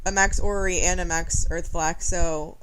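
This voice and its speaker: A woman's voice: on the low side, fairly even intonation, unhurried, a bit bright, rough recording. Casting: young woman, game streamer, blunt and chatty, light laughs, faint hiss behind. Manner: frank, opinionated, laughs often. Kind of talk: casual live-stream commentary.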